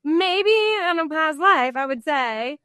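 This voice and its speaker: A woman from Canada, chatting as a guest and telling animated stories. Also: high-pitched, slow, no echo, studio quality. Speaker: guest, former CEO. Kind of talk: casual interview chat.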